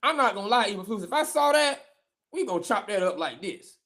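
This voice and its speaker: A man, a former football player, co-hosting a live sports show, talking in an animated, emphatic, slangy way, often repeating himself. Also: sits high, fairly quick, vocal fry.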